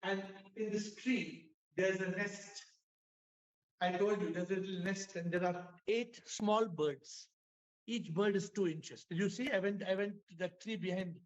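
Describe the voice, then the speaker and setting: A man teaches spirituality in an Indian English accent, his voice sitting high for a man. He tells stories and keeps asking his audience questions, repeating key lines. The sound is dull and lo-fi, like a video call. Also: fairly even intonation, a little slow. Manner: storytelling, repetitive, asks the audience questions. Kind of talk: spiritual talk to an online audience.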